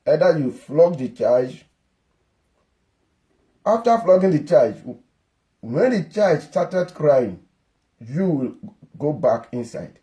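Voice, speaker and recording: A man's voice: on the high side, expressive, slow pace, pauses often, mellow. A man giving an earnest, lecturing parenting-advice monologue that often repeats its points.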